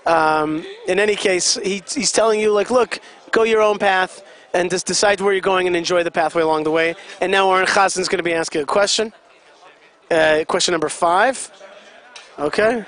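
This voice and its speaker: A man's voice: sits high, steady tone, moderate pace, a bit bright. A man giving chatty live commentary at an event, explaining things and putting questions to the audience.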